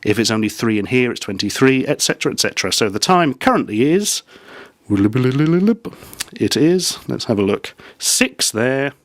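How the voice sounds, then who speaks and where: A man's voice: mid-range voice, big pitch swings, a little slow, no room sound. A man casually reviewing gadgets in a vlog, making dry, self-mocking asides.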